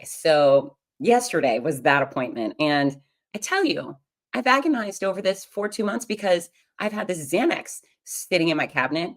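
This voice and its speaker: A woman's voice: lowish voice, big pitch swings, moderate pace. A middle-aged woman hosting a show, telling a personal story in a frank, humorous and confiding way. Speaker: podcast host.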